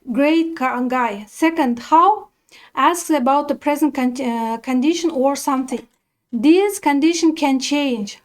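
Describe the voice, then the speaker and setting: Brief: young woman, high voice, slow halting reading of lesson notes. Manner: hesitant, many fillers and restarts. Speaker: student presenting a lesson.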